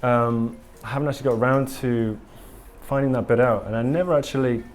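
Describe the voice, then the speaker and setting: A man speaking at a conference, candid and eager, rambling through his points with many ums. His voice sits at an ordinary middle pitch for a man. The sound is a live talk in a hall. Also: a little fast. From England.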